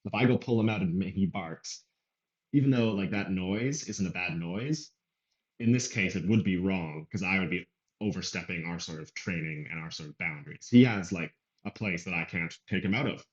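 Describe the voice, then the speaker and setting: A man's voice: low-pitched, normal speed, dull audio. A man doing casual reaction commentary, rambling and talking over the clip he is playing. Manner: rambling, conversational, talks over clips.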